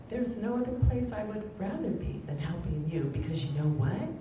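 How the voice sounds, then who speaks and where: A middle-aged woman telling a personal story on stage at a live storytelling event, animated and emphatic, with chatty asides to the audience. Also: normal speed. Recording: echoey hall, far from mic, rumbling noise.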